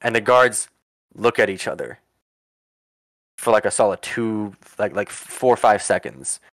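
A man narrating as game master for a tabletop campaign, rambling with lots of fillers and quick in-character asides. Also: fairly low pitch, dry recording.

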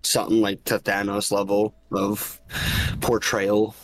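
A man co-hosting a podcast, speaking in a measured way with some hesitation. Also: on the low side, completely flat delivery. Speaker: podcast co-host. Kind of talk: casual chat.

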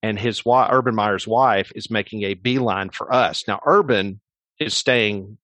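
A man's voice: lowish voice, unhurried, fairly bright tone, dry recording. A man on a sports radio interview, telling a long story in a rambling, casual way full of fillers. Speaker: sports radio host, guest.

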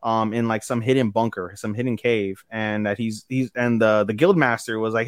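A man's voice: mid-range voice, fairly even intonation, clean tone, dry recording, studio quality. A young man casually recapping an anime episode on a podcast, rambling and swearing, briefly acting out the characters' lines. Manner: rambling, profane, acts out character lines in quick voices. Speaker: podcast co-host.

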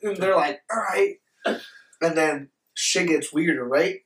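Young man, animated storyteller, slightly high voice, roomy room, mic at a distance. Profane casual chat. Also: slow pace.

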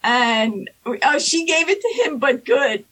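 A woman casually telling anecdotes in an animated way, acting out the people she quotes. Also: measured pace, poor audio. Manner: animated, acts out quoted people in high squeaky voices. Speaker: storyteller guest.

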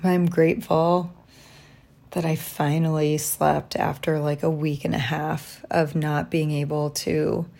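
A woman talking through a personal diary vlog from a hotel room, reflective and halting, tired after little sleep. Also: deep voice, little pitch movement, gravelly. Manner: reflective, halting, soft-spoken. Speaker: vlogger.

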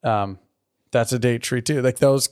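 Dude chatting casually on a podcast, rambles, cusses, laughs a lot. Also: male voice, mid-range voice, measured pace, a little mellow, clear, resonant tone. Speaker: podcast co-host. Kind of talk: casual chat.

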